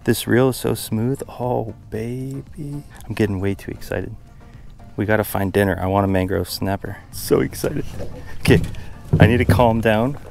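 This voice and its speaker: A young man narrating his fishing trip from a small boat, casual and excitable, breaking into loud exclamations whenever a fish bites. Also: lowish voice, normal speed, creaky, faint music behind. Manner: excitable, exclaims loudly when fish bite. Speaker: fishing vlogger. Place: small boat on the water outdoors.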